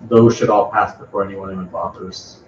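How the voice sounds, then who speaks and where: A meetup presenter gives a casual technical talk in a fairly low, darkish voice, speaking briskly with a steady tone. He sounds hesitant and unprepared, repeating and doubling back on his words. He's distant from the mic in an echoey room, and the dull recording has faint background noise.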